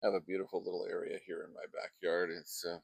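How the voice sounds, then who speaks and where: A man's voice: low-pitched, completely flat delivery, quick pace, vocal fry, breathy edge, no echo. A man giving a casual painting demonstration outdoors in a backyard, chatting and wandering off into asides as he works, speaking into a close microphone. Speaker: painting instructor.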